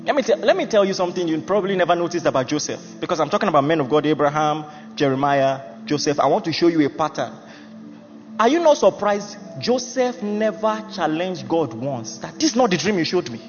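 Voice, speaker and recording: Preacher guy, high voice, goes way up and down, muffled hall recording w faint music. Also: animated, brisk. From Nigeria. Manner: emphatic, laughs at his own jokes, acts out Bible figures. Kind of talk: sermon.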